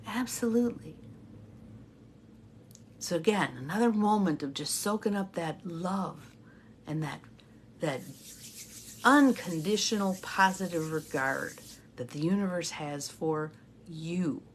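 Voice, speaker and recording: A middle-aged woman coach leading a guided imagery meditation in a soft, half-whispered, breathy voice. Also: medium pitch, slight background noise. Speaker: intuitive guidance coach.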